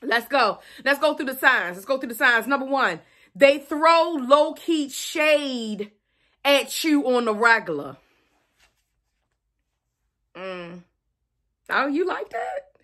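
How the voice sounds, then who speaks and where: A young adult woman vlogger talks casually to camera. Her voice sits high and sounds bright and forward. She is chatty and playful and repeats her words to the viewers. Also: expressive, a little slow.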